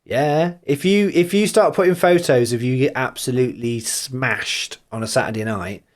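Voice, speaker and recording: Brief: male podcast co-host, mid-range voice, animated, teasing banter, does mocking impressions. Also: medium pitch, moderate pace. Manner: animated, mimics other people's voices for laughs. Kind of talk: casual chat.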